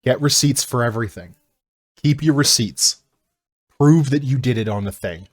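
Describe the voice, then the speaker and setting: A man chatting casually on a live stream while he builds and paints miniatures, telling stories in a profane, animated way. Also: medium pitch, moderate pace.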